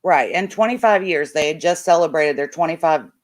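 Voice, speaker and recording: A woman hosting an interview, chatty and warm, with frequent ums. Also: deep voice, a little fast. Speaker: host. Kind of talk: casual interview chat.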